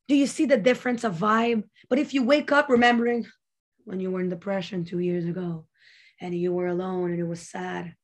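A woman with a somewhat high voice hosts a casual motivational talk. She is chatty and animated, laughs often and acts out her inner voice as she talks through self-help advice. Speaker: podcast host giving self-help advice.

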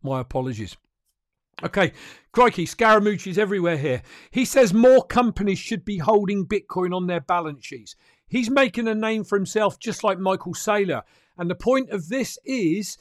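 A man's voice: sits high, no echo, studio quality. A man hosting a crypto news livestream, talking to viewers in a chatty, emphatic way. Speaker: crypto news show host. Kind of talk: casual livestream commentary.

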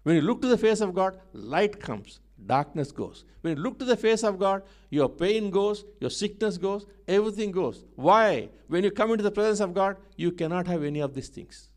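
A male preacher delivering a sermon with fervent, repetitive emphasis. His voice sits fairly high for a man, and he moves between hushed moments and forceful rises. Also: expressive, moderate pace, hardly any pauses. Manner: emphatic, repetitive, swings between soft and loud.

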